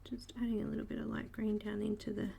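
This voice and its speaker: A woman's voice: mid-range voice, monotone, fast, gravelly, dark tone, a little hiss or hum. A woman with an Australian accent hosting a live coloring stream, chatting casually while she explains each step and greets viewers by name. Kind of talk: live art tutorial narration.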